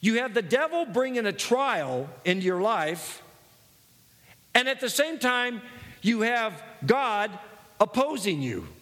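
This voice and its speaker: A man's voice: high-pitched, very animated, slow, fairly bright tone. A man preaching a sermon, earnest and personal, telling his own story with many false starts. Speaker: pastor. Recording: long hall reverb.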